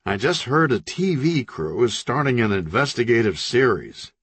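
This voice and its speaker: A man voicing a blunt, irritable male crime boss who talks in a gruff, impatient, insulting way. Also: mid-range voice, very animated, moderate pace, a bit bright, no room sound, full character voice.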